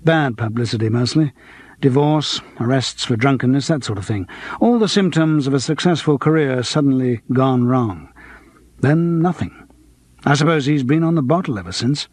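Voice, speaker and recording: A man's voice: mid-range voice, expressive, normal speed, darkish tone, lightly acted. A man voicing a theatrical middle-aged stage actor with a grandiose, self-mocking manner. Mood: reminiscing.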